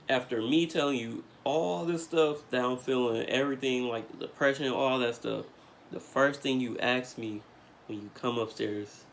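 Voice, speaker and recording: A young man vlogging, telling a story in casual slang with lots of fillers, getting animated as he retells it. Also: mid-range voice, normal speed, vocal fry, slight background noise. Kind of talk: storytime vlog.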